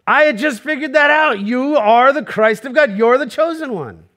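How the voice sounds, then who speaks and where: An eager male disciple speaks up in a high voice, as a preacher puts him on mid-sermon. He protests quickly and insistently, with a lively ring.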